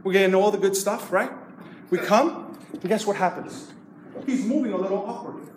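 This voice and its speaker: A high-voiced pastor speaks at a moderate pace, delivering a humorous sermon full of funny stories. He plays with the congregation, joking and calling out to them. The hall is very echoey, with slight background noise.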